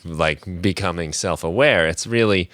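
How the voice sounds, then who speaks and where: A man's voice: low-pitched, measured pace, a bit bright, dry recording. A man hosting a podcast, asking curious questions and thinking aloud with restarts. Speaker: podcast host. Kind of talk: casual interview talk.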